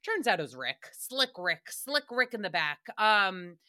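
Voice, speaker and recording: A woman's voice: medium pitch, very animated, a little slow, sharp tone. A young adult woman hosting a casual solo podcast recap, chatty, profane and sarcastic. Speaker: podcast host recapping a radio show.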